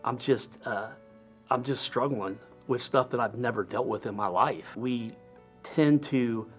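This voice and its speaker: A middle-aged man, a firefighter lieutenant, giving an earnest, halting personal testimony with many pauses and restarts. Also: mid-range voice, soft background music.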